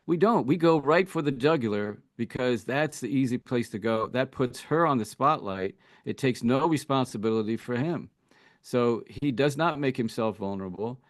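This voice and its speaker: A man's voice: medium pitch, no room sound, clean studio sound. A man speaking as a relationship coach guest in an interview, thinking aloud with many "you know"s and restarts. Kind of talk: casual interview talk.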